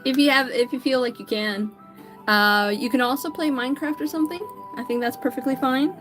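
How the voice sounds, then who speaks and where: Chatty high-voiced woman streaming her drawing. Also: a little fast, over music. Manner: chatty, greets viewers by name; stumbles and corrects herself often. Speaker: livestreaming artist. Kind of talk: casual chat while drawing.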